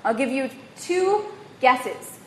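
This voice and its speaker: A woman with a non-native accent giving a lively lecture to a live audience, quizzing them and often asking "right?". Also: high voice, takes it slowly. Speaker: workshop presenter. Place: room in Bali. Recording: echoey room, faint room noise.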